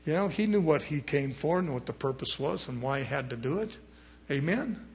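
A man preaching a sermon, swinging between loud rising exhortation and low murmured asides, acting out other people's words in quoted voices. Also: lively intonation, normal speed, husky.

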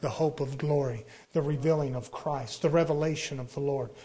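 Fired-up preacher guy, kinda high voice, hammering rhetorical questions and suddenly getting loud. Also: steady tone, normal speed. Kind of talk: fiery sermon.

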